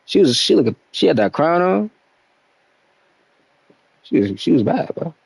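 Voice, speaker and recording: A man's voice: a little high, sing-song, measured pace, creaky, breathy edge, dry recording, poor audio. A young man chatting casually on a game stream, laid-back and slangy, talking to his viewers.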